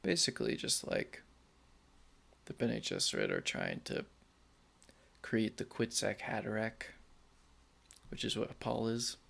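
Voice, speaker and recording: A man's voice: lowish voice, wildly swooping pitch, unhurried, gravelly, long pauses, a bit bright. A man co-hosting a casual movie-review podcast, giggling often as he eagerly explains the lore. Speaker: podcast co-host.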